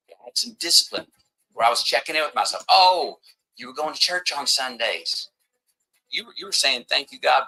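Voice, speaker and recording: A motivational speaker sits at a table with a camera crew, delivering an emphatic, preachy talk and occasionally acting out the voices of people he quotes. His medium-pitched voice sounds pushed and bright, and the audio quality is poor.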